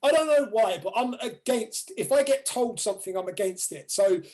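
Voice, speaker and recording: A man with a southern English accent hosting a podcast, relaxed and slangy, asking long rambling questions. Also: high-pitched, normal speed. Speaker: podcast host. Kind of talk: casual podcast chat.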